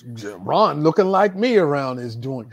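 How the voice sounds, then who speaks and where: A man's voice: fairly high pitch, big pitch swings, a little slow, crowd noise. A middle-aged man telling a long casual story to friends, repeating words and stumbling through his sentences. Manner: rambling, repeats words, laughs while telling. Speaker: podcast host and storyteller.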